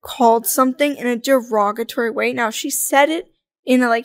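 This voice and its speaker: Casting note: young woman, podcast guest, candid and jokey, higher voice, dry close mic. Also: normal speed, no echo. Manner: candid, jokey, animated storytelling. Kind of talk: casual interview chat.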